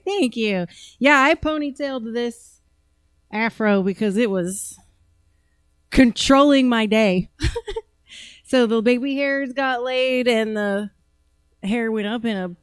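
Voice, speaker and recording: A playful woman co-host reading viewer comments in loose, casual chat, swearing freely. Her voice is a touch high and sounds dry and close to the mic. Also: slow pace, pauses often, clean tone, dry recording.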